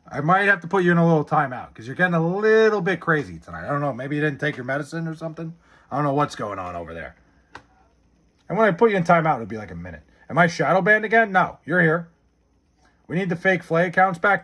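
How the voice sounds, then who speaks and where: Profane, animated streamer guy. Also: a little high. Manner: profane, sarcastic, laid-back banter. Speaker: streamer reading chat. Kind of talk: casual live-stream chat.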